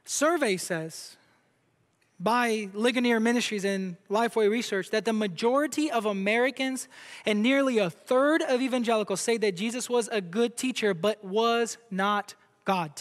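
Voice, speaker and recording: High-voiced preaching man in an echoing hall. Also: moderate pace. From Brazil. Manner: emphatic preaching, asks the crowd questions. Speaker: pastor. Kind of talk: sermon. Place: church sanctuary. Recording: long hall reverb.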